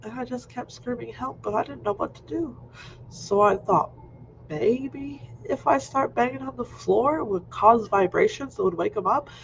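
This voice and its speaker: A man in his fifties telling a personal story in an animated way, acting out scenes, in a muffled lo-fi recording. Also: very high voice, creaky. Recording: muffled lo-fi recording with faint noise.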